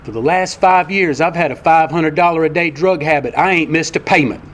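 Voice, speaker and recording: A man's voice: a little high, a little fast, a bit bright, natural voice. A man voicing a defiant drunken male job applicant in a retold comedy bit, indignant and slurred.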